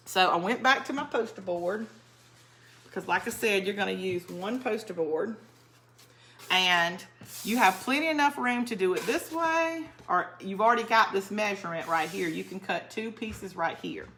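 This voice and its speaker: A woman with a drawl hosts a live-streamed crafting tutorial. Her voice is bright and forward, and she talks in a loose, rambling way, stopping to greet viewers by name. A faint hiss sits under the recording. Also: medium pitch. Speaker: craft channel host.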